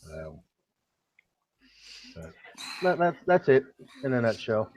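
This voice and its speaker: A man talking casually about a game event on a voice chat, relaxed and easygoing. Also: mid-range voice, slow. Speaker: guest gamer.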